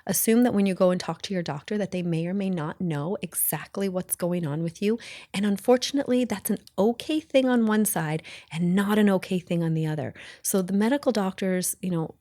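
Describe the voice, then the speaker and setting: A woman's voice: mid-range voice, a little mellow, no room sound, studio quality. A middle-aged woman hosting a podcast, talking casually and bluntly, rambling with self-corrections and acting out bits of past conversations. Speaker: podcast host. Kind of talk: casual solo podcast talk.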